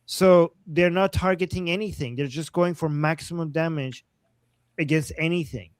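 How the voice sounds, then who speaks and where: A man co-hosting a live news stream, giving animated, opinionated commentary and teasing his co-host. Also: a little high, moderate pace, dry recording.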